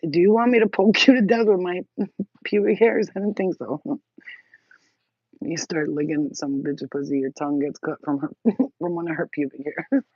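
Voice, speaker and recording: A woman's voice: lowish voice, moderate pace, pauses often, husky, no room sound, highs cut off. A woman vlogger rambling bluntly to the camera, crude and laughing often. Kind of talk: casual rambling monologue.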